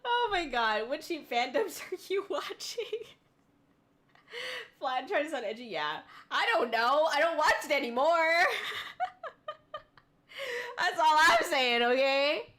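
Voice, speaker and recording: Female streamer, casual reaction chat: high, bright, giggly, rambling. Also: sing-song, slow pace, pauses often. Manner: giggly, rambling, swears freely. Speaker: VTuber streamer.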